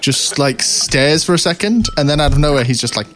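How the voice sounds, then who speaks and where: A man's voice: fairly high pitch, expressive, brisk, fairly bright tone, faint music behind. A man narrating as game master, rambling and correcting himself.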